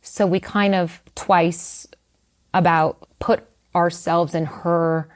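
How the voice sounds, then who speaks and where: Middle-aged woman writer, interview guest, candid storyteller, slightly low voice. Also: fairly even intonation, slow. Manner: candid, conversational, lots of fillers and asides.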